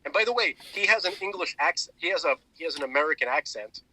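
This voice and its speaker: A man co-hosting a podcast, retelling a story in a rambling, animated way with many restarts and fillers. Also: on the high side, quick pace, no room sound, rough recording. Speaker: podcast co-host. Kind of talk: casual chat.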